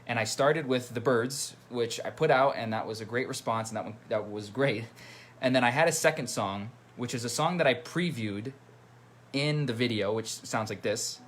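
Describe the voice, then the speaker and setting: A man who is a musician chats through a casual livestream from his computer at home, reading out viewers' comments and saying hello to them. He speaks at normal speed in a mid-range voice, with slight background noise.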